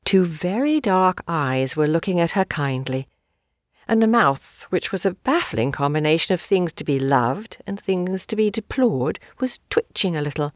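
Low-voiced woman reading a novel. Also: no echo, clean studio sound. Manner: measured storytelling, gently acting out dialogue. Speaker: audiobook narrator. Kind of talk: scripted narration of a novel.

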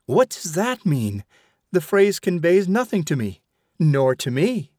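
A man's voice: fairly high pitch, very animated, unhurried, mellow, no room sound, clean studio sound, pitched above the performer's own voice. A man reading aloud, voicing a bewildered, chatty woman friend. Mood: puzzled.

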